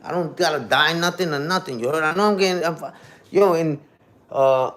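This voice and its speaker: A man in his forties chats loosely into his phone on a livestream, his voice sitting a little on the high side. He talks in street slang and keeps tagging his lines with "you heard?". He reacts to viewer comments as he goes. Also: normal speed, fairly bright tone. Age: 40s. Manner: reads and answers viewer comments. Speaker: livestream host. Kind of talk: casual livestream chat.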